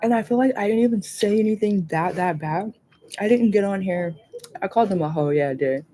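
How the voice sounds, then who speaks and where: A woman hosting a casual livestream chat, rambling and animated, swearing freely and laughing often. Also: mid-range voice, brisk. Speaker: livestream host.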